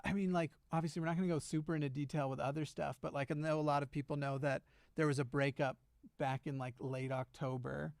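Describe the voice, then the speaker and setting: Hesitant man on a casual stream, with a slightly high voice and a dry sound. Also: gravelly, clean tone, no room sound. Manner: hesitant, many "uh" and "like" fillers and restarts. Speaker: livestreamer in a played clip. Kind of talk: casual livestream chat.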